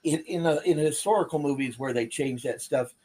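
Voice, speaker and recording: A man's voice: a little high, a little fast, warm tone, slightly rough. A man co-hosting a podcast in casual chat, opinionated and given to dry quips.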